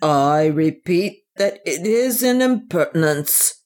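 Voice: mid-range voice, expressive, slow, a little mellow, pitched above the performer's own voice. A reader voicing pompous old clergyman Mister Beach. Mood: indignant. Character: pompous older male clergyman, condescending. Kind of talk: audiobook reading.

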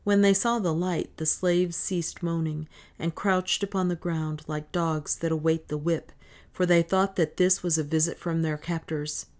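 A woman narrating an adventure novel in a steady, measured reading. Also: on the low side. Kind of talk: audiobook narration.

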